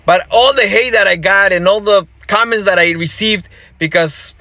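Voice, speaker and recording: A man with a Spanish-speaking accent, full of sarcastic mock praise in a social media clip. His voice is high and bright, recorded dry and close. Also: normal speed, dry recording. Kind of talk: satirical social media commentary.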